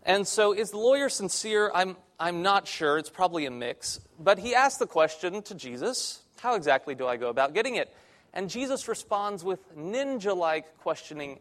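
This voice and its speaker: A man's voice: high-pitched, lively intonation, moderate pace, a bit bright. Young man preaching with wry humor. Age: young adult. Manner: conversational, self-deprecating humor. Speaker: church intern preaching. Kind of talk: sermon. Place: church sanctuary.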